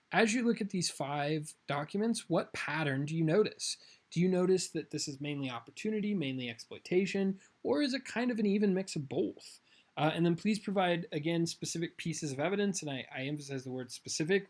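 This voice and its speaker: A man teaching a class, taking students through a worksheet and often checking in with a quick "right?". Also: on the high side. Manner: talks to students, adds "right?" often and reads documents aloud. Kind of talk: classroom lesson, going over a worksheet.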